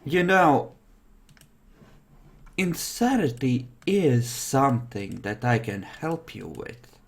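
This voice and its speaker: A man voicing a calm, knowing male vampire elder who speaks smoothly and slowly, faintly amused. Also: medium pitch, full character voice.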